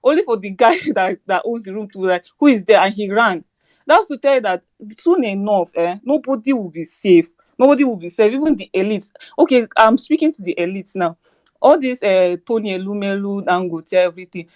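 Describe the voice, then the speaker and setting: A woman's voice: medium pitch, expressive, a little fast, darkish tone, no room sound. A woman with a Nigerian accent giving heated political commentary, asking rhetorical questions. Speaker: Twitter Space speaker.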